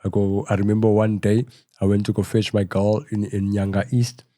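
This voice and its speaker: A middle-aged South African man telling his story in a casual interview, rambling and full of "you know," going quieter at tense moments. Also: lowish voice, flat delivery, moderate pace. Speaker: podcast guest.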